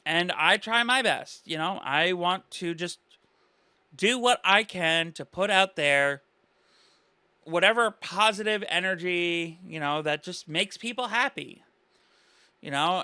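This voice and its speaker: Reaction commentator, male, high and very bright voice, earnest and rambling, dry close sound. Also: slow, clear, resonant tone, dry recording. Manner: earnest, rambling, full of "you know" and "like".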